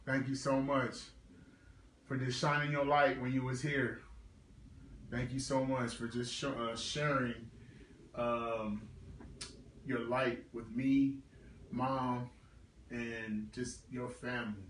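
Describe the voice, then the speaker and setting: Man in his thirties, halting livestream talk. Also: mid-range voice, little pitch movement, fairly bright tone, roomy sound, recorded from a distance, slight background noise, poor audio. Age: 30s. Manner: halting, many fillers, heartfelt. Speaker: livestream host. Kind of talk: casual livestream tribute.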